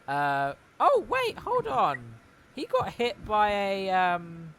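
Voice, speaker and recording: A man's voice: high voice, wildly swooping pitch, slow, a bit bright. A man narrating as game master in a tabletop game, talking in a rambling, chatty way and correcting himself often. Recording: noisy recording.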